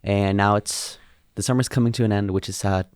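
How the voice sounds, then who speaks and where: A man's voice: on the low side, steady tone, brisk, a little mellow, smooth, dry recording, studio quality. A man co-hosting a podcast, chatting casually and playfully with frequent laughs. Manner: laughs often, playful banter. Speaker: podcast co-host. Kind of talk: casual chat.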